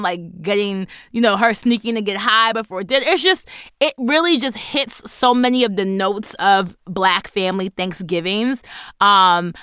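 Smooth-voiced woman chatting casually. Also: medium pitch, a bit bright, no room sound, studio quality. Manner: laughs often, talks fast with fillers. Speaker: podcast co-host. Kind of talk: casual chat.

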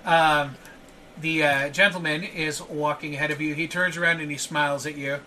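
A man narrating a tabletop role-playing game as game master, stopping often on filler sounds. His voice is bright and slightly high. He sits a little back from the microphone, with faint noise behind him. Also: steady tone, normal speed, recorded from a distance. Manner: hesitant, many filler sounds.

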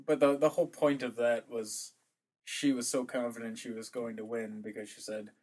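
Male co-host, mid-pitched, deadpan wisecracks, casual movie chat. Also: moderate pace. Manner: dry, wry jokes with some stammering.

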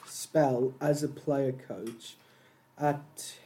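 A woman with a low voice hosts a student podcast interview. She reads her questions slowly and carefully, taking her time over each word. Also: steady tone, dark tone.

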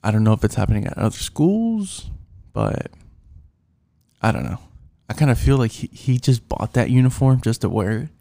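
This driver's casual rant about his coworkers is rambling and frustrated, with many fillers and restarts. His gravelly voice is medium-pitched and dark, very animated, moving at a moderate pace with long pauses.

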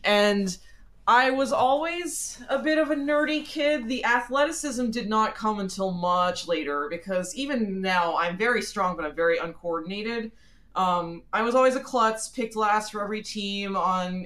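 A woman in her forties from the Philadelphia area, heard over a phone call as a podcast guest. She talks frankly and pokes fun at herself, with plenty of ums and restarts. Her voice sits at a middle pitch. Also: moderate pace, fairly bright tone. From Philadelphia area, USA. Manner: chatty, frank, self-deprecating, with many fillers. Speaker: interview guest. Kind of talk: conversational interview answers.

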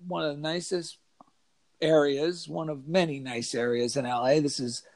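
A man telling an animated story in a casual chat, acting out the voices of kids and of himself. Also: a little high, normal speed. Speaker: author and guest.

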